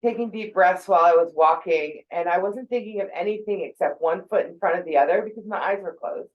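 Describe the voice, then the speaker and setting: A woman in her forties talks through everyday thinking habits in a relaxed, conversational way, dropping in fillers and acting out little quotes. Her voice sits on the low side, and the recording sounds dull and lo-fi. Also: a little fast. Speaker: speaker on mental health. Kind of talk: casual talk about thinking habits.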